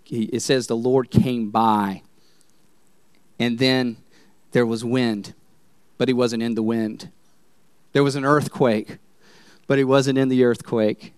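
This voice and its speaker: A male pastor preaching a sermon in church, telling the story in an animated way and laughing often. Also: mid-range voice, clear, resonant tone, no echo.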